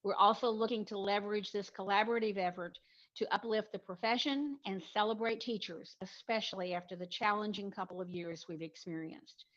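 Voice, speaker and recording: A woman's voice: mid-range voice, fairly even intonation, a little fast, fairly bright tone, lo-fi sound. A woman presenting an award, reading a formal, upbeat prepared announcement and then speaking a little more freely.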